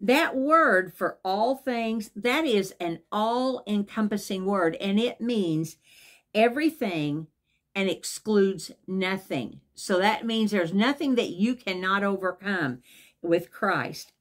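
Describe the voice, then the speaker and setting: A woman's voice: medium pitch, lively intonation, takes it slowly. A woman preaching an enthusiastic devotional sermon, emphatic and repeating her key phrases.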